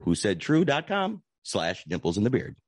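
A man's voice: lowish voice, huge pitch swings, moderate pace, very noisy. A man doing a playful, comedic ad read in a salesy manner.

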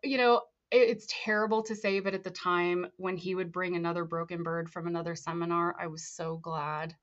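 A young woman, a guest on a talk show, telling her story in a casual, animated way and acting out the voices of people she quotes. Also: on the low side, fairly quick. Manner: animated, acts out quoted voices, laughs often. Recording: slightly dull lo-fi sound.

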